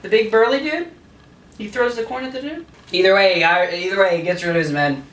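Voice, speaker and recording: A man's voice: high-pitched, brisk, a bit bright, reverberant, far from the mic. A tipsy man rambling through a crude, laughing comic retelling of a play. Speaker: host.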